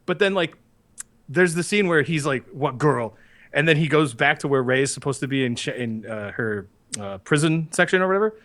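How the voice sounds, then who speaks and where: Animated man acting out movie scenes. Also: fairly high pitch, brisk. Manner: animated, acts out movie lines with sudden yelps. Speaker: podcast co-host. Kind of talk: casual chat.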